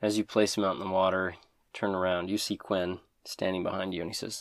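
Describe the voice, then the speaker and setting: A deep-voiced man narrates a tabletop role-playing game as its game master. His delivery is relaxed and descriptive, with a dry, close sound and no room echo. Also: fairly quick.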